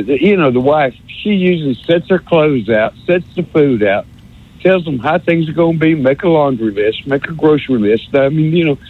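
Husky sarcastic caller on a tinny phone. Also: male voice, on the high side. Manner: stammering, sarcastic, repeats words. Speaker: radio call-in caller. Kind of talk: rambling call-in rant. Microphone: telephone.

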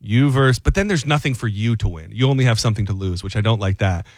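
A man hosting a sports talk radio show, chatting casually with halting restarts. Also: fairly low pitch, lively intonation, no room sound.

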